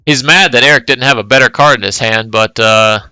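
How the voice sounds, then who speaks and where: Male commentator, casual play-by-play, bright and dry. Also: mid-range voice, a little fast, clear, resonant tone, no room sound, faint music behind, low-quality recording. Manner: casual, play-by-play calling of moves. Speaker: tournament commentator. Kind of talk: live game commentary.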